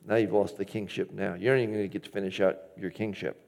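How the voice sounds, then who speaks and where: A male pastor preaching a sermon, animated, acting out the scripture he reads and dropping to quiet asides. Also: low voice, fast, gravelly. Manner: animated, swings between loud emphasis and quiet asides; acts out quoted lines from scripture.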